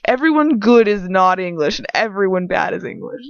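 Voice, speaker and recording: A woman's voice: mid-range voice, wildly swooping pitch, fairly quick, creaky, hardly any pauses, no room sound, dull audio. A woman reading fan fiction aloud, breaking off for chatty, self-mocking asides and stumbling over words.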